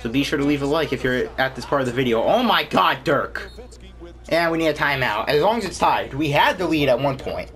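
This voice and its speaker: A young man commentating his own basketball gameplay, excitable, complaining and yelling at the game. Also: mid-range voice, fairly quick. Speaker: gaming YouTuber.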